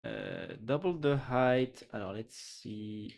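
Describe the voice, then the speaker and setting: A man from France with a French accent, streaming and chatting casually in English, playful and quick to laugh, often trailing off and restarting. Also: on the low side, lively intonation, vocal fry, darkish tone. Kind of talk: casual live-stream chat.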